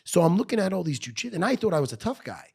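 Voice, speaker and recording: Gravelly, profane New man telling stories. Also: high voice, very fast. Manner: profane, animated, blunt. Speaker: podcast guest. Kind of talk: storytelling in conversation. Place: podcast studio.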